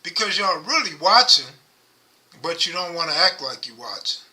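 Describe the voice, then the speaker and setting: A middle-aged man hosting a casual livestream, talking low and rambling close to his microphone. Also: big pitch swings, moderate pace, sharp tone. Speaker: livestream host. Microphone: microphone held close.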